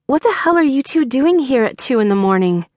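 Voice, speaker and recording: A woman's voice: high voice, expressive, a little fast, a little mellow, dry recording, pitched above the performer's own voice. A woman narrator voicing a startled, exasperated young woman baker, slightly raised. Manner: exasperated, questioning.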